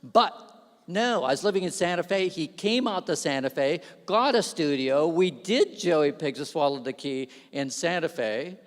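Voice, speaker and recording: A man's voice: fairly high pitch, normal speed. A man giving a self-deprecating, storytelling speech from the stage at an awards gala, speaking into a stage microphone. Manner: self-deprecating, animated anecdotes. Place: large hall. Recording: long hall reverb.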